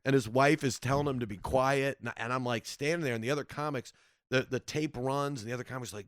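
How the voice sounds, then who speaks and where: Animated man telling comedy road stories. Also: mid-range voice, quick pace, dry recording, studio quality. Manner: animated, acts out voices in his anecdotes. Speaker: comedian guest. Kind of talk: casual storytelling.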